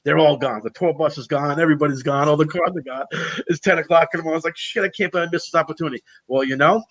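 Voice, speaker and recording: A man, a guest drummer, telling road stories in casual chat, animated, acting out what people said and laughing often. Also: a little high, very fast, dull audio. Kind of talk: casual storytelling.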